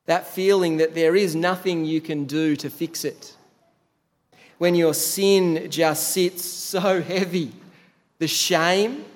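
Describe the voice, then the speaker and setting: Male pastor, sermon, conversational storytelling, slightly high voice, long hall reverb.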